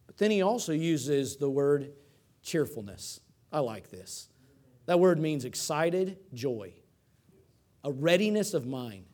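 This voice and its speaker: A man with a Texan accent preaching a sermon, swinging between loud climaxes and soft asides. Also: fairly high pitch, expressive, a little slow, pauses often. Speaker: pastor.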